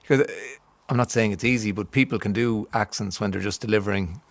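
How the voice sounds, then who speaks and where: A man's voice: on the low side, quick pace, gravelly, no room sound. A middle-aged Irish man hosting a radio interview, asking curious, chatty questions. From Ireland. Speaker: radio show host.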